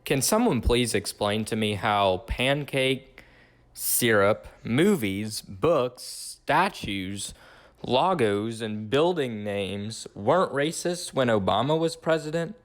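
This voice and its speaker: A man reading meme captions aloud in a flat, deliberate way. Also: mid-range voice.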